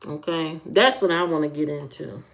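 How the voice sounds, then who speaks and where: A woman's voice: deep voice, normal speed, vocal fry. A woman from the American Midwest hosting a livestream, chatting casually with viewers, repeating herself and answering comments. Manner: chatty, repeats herself, talks to chat by name. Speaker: livestream host.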